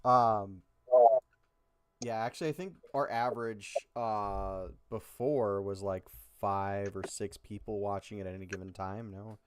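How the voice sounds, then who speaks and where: A man hosting a stream, chatting casually in a rambling, self-correcting way and joking about his low viewer count. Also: fairly even intonation, unhurried, clean tone. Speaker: stream host. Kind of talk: casual chat.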